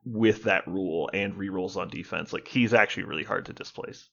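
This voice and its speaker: A man's voice: sits low, fairly quick, gravelly, a bit bright, lo-fi sound. A man co-hosting a podcast in casual gaming chat, explaining at length, swearing and laughing as he talks. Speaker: podcast co-host.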